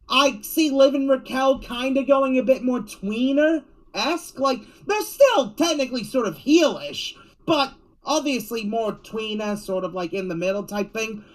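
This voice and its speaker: A man's voice: very high-pitched, sing-song, a little slow, fairly bright tone, low-quality recording. A man co-hosting a podcast, sharing predictions in casual chat and thinking aloud with lots of hedging. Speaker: podcast co-host.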